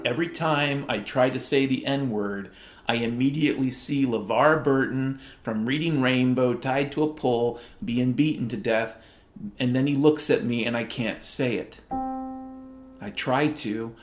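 Unhurried and mid-range in pitch, a middle-aged man from Washington state, USA, delivers a rambling comedic monologue that's profane and sardonic. Music plays under the roomy, echoing recording.

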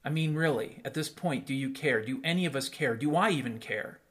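A man's voice: mid-range voice, brisk, a bit bright. A man hosting a solo podcast, talking straight to his listeners in a blunt, sarcastic rant full of swearing and rhetorical questions. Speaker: podcast host.

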